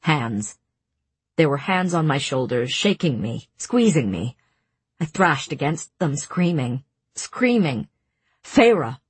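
A woman narrating a first-person audiobook in a measured, intimate way. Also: deep voice, sing-song, breathy edge, no room sound.

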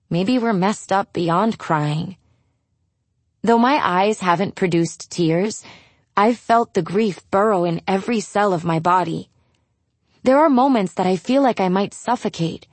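A woman's voice: medium pitch, no echo. Wry, blunt woman narrating a novel. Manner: wry, blunt, exasperated teen voice. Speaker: audiobook narrator. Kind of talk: first-person novel narration.

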